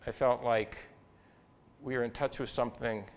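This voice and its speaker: An older man, a psychology professor, telling a personal story in a talk, expressive and reflective, with small restarts. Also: normal speed. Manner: expressive, rises and falls in pitch and loudness while recounting.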